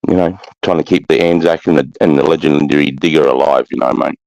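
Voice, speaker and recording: A man's voice: extremely low pitch, fairly even intonation, quick pace, darkish tone, no room sound, lo-fi sound. A middle-aged Australian man, a former army sergeant, telling war stories in casual chat, bluntly and with constant swearing. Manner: blunt, heavy swearing, keeps adding "mate".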